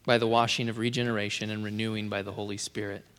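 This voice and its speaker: A man's voice: on the low side, flat delivery, fast talker, clear, resonant tone. Earnest man preaching in a hall. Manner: earnest, repeats key phrases, drops to soft endings. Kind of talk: sermon.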